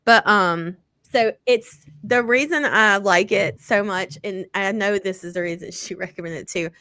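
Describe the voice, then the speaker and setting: A woman's voice: medium pitch, normal speed, sharp tone, dry recording. Woman gushing about books, rambly and sweary, super dry close sound. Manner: chatty, swearing, lots of fillers and like. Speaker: podcast co-host. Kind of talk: casual chat about romance books.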